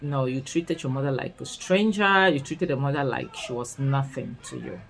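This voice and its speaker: A woman with a Nigerian accent recapping a series in casual commentary, expressive and full of scolding rhetorical questions. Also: extremely low pitch, normal speed, gravelly, hardly any pauses, low-quality recording. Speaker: series reviewer.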